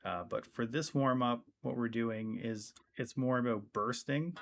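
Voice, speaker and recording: A man's voice: medium pitch, steady tone, measured pace, creaky. A man teaching guitar on a live stream, casual and rambling, with many ums.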